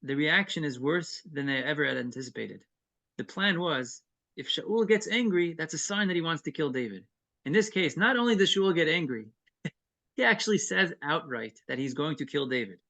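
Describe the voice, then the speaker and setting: A man's voice: fairly high pitch, lively intonation, normal speed, gravelly, sharp tone. A man teaching an evening text-study class, reading Hebrew verses and then explaining them earnestly. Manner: earnest and explanatory, with brief chuckles.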